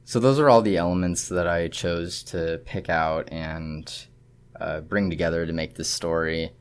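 A male student giving a halting, thoughtful spoken reflection on his assignment. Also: sits low, fairly even intonation, smooth.

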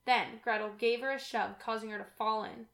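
A woman reading a fairy tale aloud in a clear storytelling manner. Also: a little high, steady tone, normal speed, fairly bright tone, roomy sound. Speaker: reader.

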